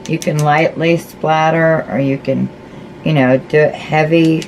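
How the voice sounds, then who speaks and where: A woman's voice: sits low, fairly even intonation, measured pace, a little mellow, a little hiss or hum, poor audio. A woman chatting casually through a craft tutorial, folksy and talking to herself as she paints. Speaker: crafting vlogger.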